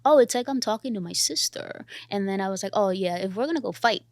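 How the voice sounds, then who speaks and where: A woman's voice: mid-range voice, fast, no room sound. A young woman actor talking earnestly and animatedly in an interview about her role, often acting out quotes. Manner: animated, earnest, quoting herself and others. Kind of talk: casual interview.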